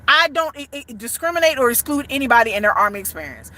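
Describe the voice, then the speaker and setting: A woman's voice: high voice, animated, fast talker, bright, forceful tone, dry recording. A woman content creator giving a blunt, profane, emphatic rant as commentary to her channel. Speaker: pop group fan content creator. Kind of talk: ranting commentary.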